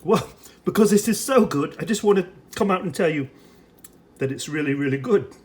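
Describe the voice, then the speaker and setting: Lively put-on British accent, chatty. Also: medium pitch, moderate pace. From United States. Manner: chatty running commentary while preparing and tasting food. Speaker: ration reviewer. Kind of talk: casual food review vlog.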